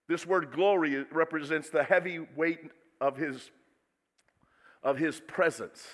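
A man preaching a sermon in a big echoing hall, his voice bright and a touch high. He drops to soft asides and then rises to loud, dramatic calls. The long reverb carries every word. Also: a little slow. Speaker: pastor.

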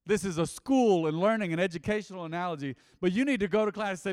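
A man preaching a sermon in a church, animated and emphatic, acting out quotes. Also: sits high, fast talker, clear, resonant tone, dry recording, studio quality, in a large hall. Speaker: pastor.

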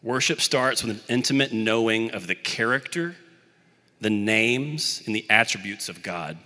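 Bright-voiced man preaching in a hall. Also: on the low side, normal speed. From Birmingham, Alabama area. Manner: conversational, self-deprecating storytelling. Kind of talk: sermon.

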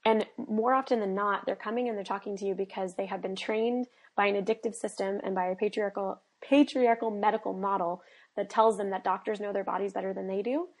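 A woman health coach talking in a casual podcast conversation, earnest and animated, with many fillers, acting out little dialogues. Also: mid-range voice, a little fast. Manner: acts out quoted dialogue.

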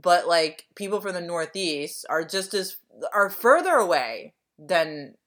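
A woman's voice: lowish voice, lively intonation, measured pace, fairly bright tone. A woman, co-hosting a podcast in casual, rambling chat full of fillers and swearing. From Delaware County, Pennsylvania. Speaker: podcast co-host.

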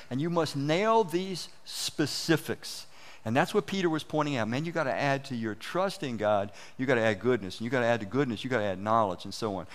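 A man giving a conversational, folksy sermon, acting out inner voices and often restarting his words. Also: fairly high pitch. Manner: animated, acts out inner voices. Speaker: preacher.

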